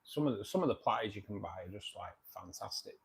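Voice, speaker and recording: A man's voice: fairly low pitch, expressive, fast talker. A man hosting a casual livestream, reading viewer comments and chatting in a jokey way, often repeating himself.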